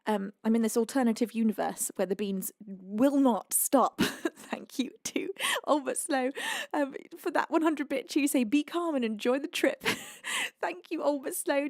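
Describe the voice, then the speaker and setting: A woman's voice: high-pitched, a little mellow, no room sound, clean studio sound. A British woman hosting a live music stream, emotional and overwhelmed, crying while laughing as she reads out gifts. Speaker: livestream singer host. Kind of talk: casual live-stream chat reading donations.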